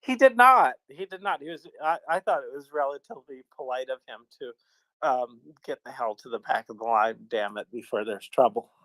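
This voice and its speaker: A man's voice: mid-range voice, steady tone, normal speed, no room sound, low-quality recording. An American man in casual talk, telling a rambling, self-mocking story with many fillers. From United States. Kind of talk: casual chat.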